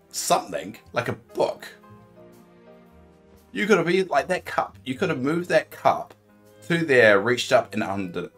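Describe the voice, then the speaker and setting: Excitable joking man streaming a game. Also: on the low side. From New Zealand. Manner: excitable, joking, with sudden exclamations. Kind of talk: casual live-stream commentary.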